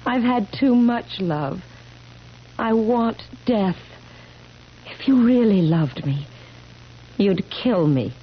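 A woman's voice: medium pitch, expressive, takes it slowly, long pauses, husky. An actress playing a woman cursed to stay eighteen forever, pleading and anguished, in a 1970s radio drama. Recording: dull old radio broadcast with faint hiss.

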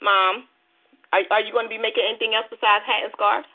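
A sassy woman host talks straight to her audience with lively energy. Her voice is mid-pitched for a woman and comes through narrow and phone-like. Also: fast. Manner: sassy, animated, addresses listeners directly. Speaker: radio show host. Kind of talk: casual phone-in talk radio. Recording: phone-like, lo-fi sound.

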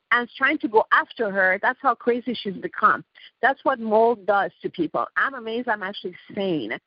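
A woman's voice: fairly high pitch, no echo. A woman from Iran, a guest on a talk radio show, talking in an emphatic, rambling way and often interrupting. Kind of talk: talk radio call-in chat. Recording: dull dry lo-fi radio sound.

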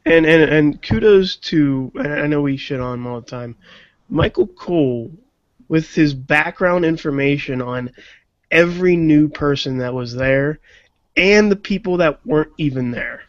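A man co-hosting a casual wrestling podcast, relaxed and joking, stammering as he starts. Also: fairly high pitch, measured pace, no echo. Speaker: podcast co-host. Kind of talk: casual chat. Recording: muffled lo-fi audio.

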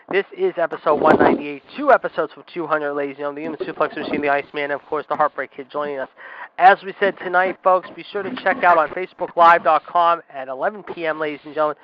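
A man hosting a wrestling radio talk show in an announcer style, and he keeps repeating "however" and "ladies and gentlemen". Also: a little high. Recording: dull lo-fi audio with loud noise.

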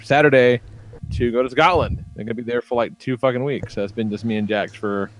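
A man's voice: medium pitch, steady tone, brisk, no room sound. A man in his thirties telling rambling, profane stories on a casual podcast. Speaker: podcast co-host.

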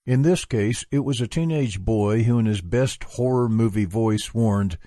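A man reading a memoir aloud for a book club, at a measured, even pace. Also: on the low side, no room sound, studio quality.

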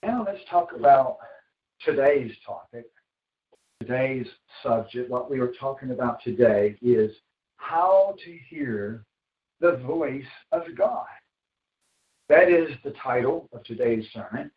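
A man preaching a sermon as pastor, slow and emphatic, repeating phrases for weight. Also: mid-range voice, lively intonation. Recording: echoey, dull sound from far off the mic.

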